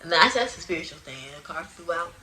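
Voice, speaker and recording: A young woman casually telling her personal testimony into a phone, animated and prone to sudden loud outbursts, with uneven volume. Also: lowish voice, quick pace, slight background noise, low-quality recording. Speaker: person giving a religious testimony.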